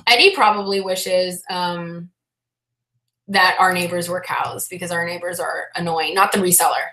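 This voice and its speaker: A young woman chatting loudly and animatedly on a casual live stream, talking about her life as an online reseller. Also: fairly low pitch, steady tone, normal speed. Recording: echoey room.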